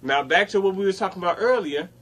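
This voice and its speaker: A young podcast co-host with a high voice talks quickly, casually recounting a story on a talk show. He retells it with animation, acting out the lines other people said.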